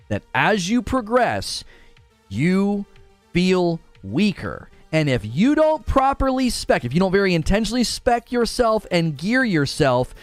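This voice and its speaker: A man's voice: sits high, dry recording. A man ranting sarcastically in a video commentary about a game, exasperated and mocking. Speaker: gaming commentator.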